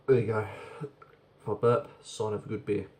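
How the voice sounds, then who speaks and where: A man's voice: lowish voice, flat delivery, measured pace, heavy background noise. A man casually reviewing a beer on camera, chatty and rambling, often repeating words as he goes.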